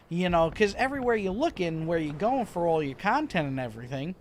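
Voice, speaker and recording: A man with a fairly high voice talks through his gameplay in a loose, rambling way, chuckling now and then. He is a little stuffy from a slight cold. Faint gunfire sits under his voice. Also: sing-song, brisk, hardly any pauses, a little hiss or hum. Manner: laid-back, rambling, chuckles to himself. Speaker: gaming video host. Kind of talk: casual commentary over gameplay.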